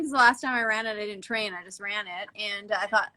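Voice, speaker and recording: A woman's voice: mid-range voice, fairly even intonation, fast talker, hardly any pauses, pushed and bright, low-quality recording. A woman who works as a stylist, chatting easygoing and joking as a guest on a live stream over a phone or laptop. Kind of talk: casual chat. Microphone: phone or laptop on a live video stream.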